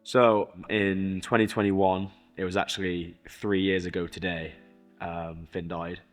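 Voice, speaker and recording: A young man with a notably deep voice, speaking casually in a documentary interview. He tells his story loosely, swearing and acting out what others said, with faint music under him. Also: flat delivery, measured pace. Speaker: interviewee, rapper.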